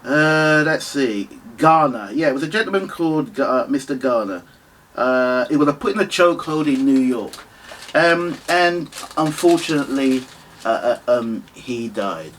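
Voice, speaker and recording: A man's voice: mid-range voice, animated, a bit bright, slight background noise, rough recording. Impassioned British man in his fifties. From United Kingdom, Nigerian family. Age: 50s. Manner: earnest and halting, with many restarts and pleas. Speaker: vlogger. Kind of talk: impassioned monologue to camera.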